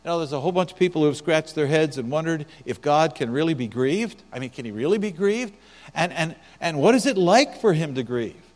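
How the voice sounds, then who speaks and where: A man's voice: on the high side, animated, fairly quick. Preacher man in an echoing hall. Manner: preaching with swings from soft to loud. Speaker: pastor. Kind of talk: sermon. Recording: long hall reverb with mains hum.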